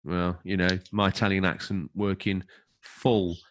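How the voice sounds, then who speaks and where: A man's voice: sits low, little pitch movement, a little slow. A man co-hosting a podcast, chatting casually and reading out an overview with wry, opinionated asides. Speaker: podcast co-host.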